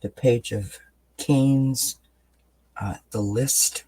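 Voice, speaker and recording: A man doing a tarot card reading for his channel, explaining each card in a calm, unhurried way with pauses and fillers. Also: medium pitch, a little hiss or hum, poor audio. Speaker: tarot reader.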